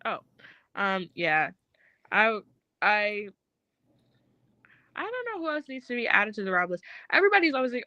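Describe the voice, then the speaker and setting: A woman's voice: mid-range voice, big pitch swings, normal speed, long pauses, pushed and bright, no echo, dull audio. A young woman co-hosting a casual chat, blunt, profane and joking. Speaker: podcast co-host.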